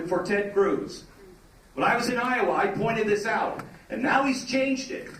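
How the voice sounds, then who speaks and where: A middle-aged man with a fairly high voice delivers a fervent, preacherly rally speech that climbs to emphatic peaks. He is heard from far back in an echoey hall, with faint room ambience underneath. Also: a bit bright, a little hiss or hum. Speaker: political speaker at a campaign rally. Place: event hall. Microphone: recorded from the audience, away from the stage.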